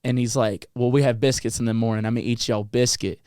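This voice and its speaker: A man's voice: medium pitch, fairly even intonation, fast talker, a little mellow, smooth, no echo, clean studio sound. Young man telling a slangy casual story. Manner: loose, slangy talk with "dude" and "like".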